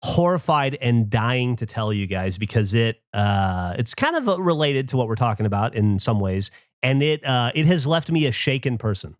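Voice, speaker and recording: A middle-aged man co-hosting a podcast, telling a story in a lively, comic way and breaking into loud shouts when he acts it out. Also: mid-range voice, normal speed, dry recording, clean studio sound. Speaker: podcast co-host. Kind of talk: casual chat, comic storytelling.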